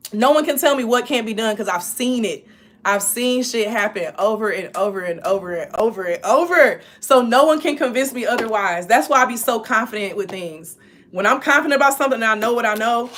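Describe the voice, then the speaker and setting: A woman chatting casually to viewers on a live stream, emotional and animated, full of slang. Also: a little high. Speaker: spiritual reader hosting a live stream.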